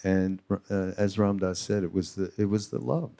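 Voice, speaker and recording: A man hosting a podcast live on a retreat stage, telling a spiritual story in an animated way. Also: deep voice, normal speed, vocal fry. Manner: animated storyteller acting out quotes. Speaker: podcast host.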